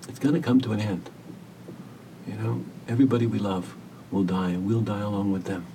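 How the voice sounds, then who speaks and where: A man who works as a hospice caregiver, telling a story as a podcast guest in an earnest, gentle, measured way. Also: on the low side, steady tone, far from the mic, background noise. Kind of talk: reflective storytelling interview.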